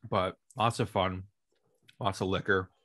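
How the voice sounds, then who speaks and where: A man's voice: low voice, steady tone, a little slow, bright, forceful tone, no room sound. A man in his thirties chatting casually as a podcast cohost, rambling and trailing off, laughing often, over a call mic. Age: 30s. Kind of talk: casual chat. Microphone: remote call mic.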